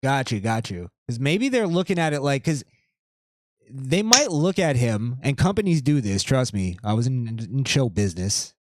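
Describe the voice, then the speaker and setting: A man's voice: mid-range voice, sing-song, normal speed, heavy background noise. A man hosting a podcast, chatting loosely and rambling while reading items aloud. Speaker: podcast host. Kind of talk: casual podcast chat.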